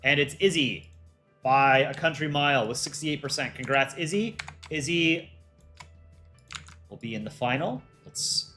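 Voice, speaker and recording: A man's voice: on the high side, lively intonation, a little slow, sharp tone, faint music behind. A man casually hosting a livestream, chatting with viewers in a loose way with restarts and frequent laughter. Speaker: animator and livestream host.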